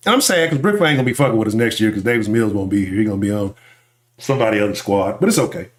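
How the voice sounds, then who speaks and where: A man with a Houston accent hosting a live sports talk stream, ranting loudly and profanely while reading the chat. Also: lowish voice, expressive, racing, echoey room. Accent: Houston Texas. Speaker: sports talk show host.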